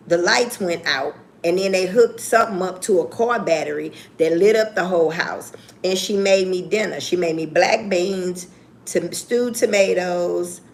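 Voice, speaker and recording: A woman's voice: lowish voice, creaky. A woman hosting a livestream, casually telling stories to her viewers in a blunt, profane, joking way. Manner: blunt, profane, laughing storyteller; talks straight to viewers. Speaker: livestream host. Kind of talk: casual storytelling chat.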